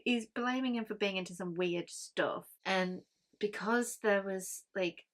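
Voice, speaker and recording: A woman's voice: medium pitch, measured pace. A woman gives a casual spoken book review, chatty and rambling with many ums and frank grumbles.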